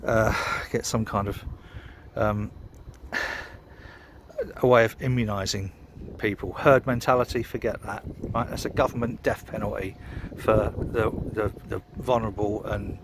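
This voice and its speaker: A man's voice: lowish voice, level tone, a little slow. Brit guy ranting by a canal, a bit drunk, swears loads, rambly, bit of outdoor noise. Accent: British English. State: tipsy after a beer. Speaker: vlogger. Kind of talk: casual outdoor vlog rant.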